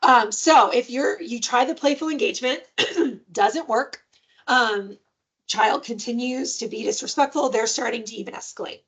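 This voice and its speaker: A woman presenting a parenting webinar in a conversational way, often checking in with "right?" and sometimes jumping into playful high voices for examples. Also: normal speed, a bit bright, husky. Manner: jumps into playful high-pitched voices when giving examples.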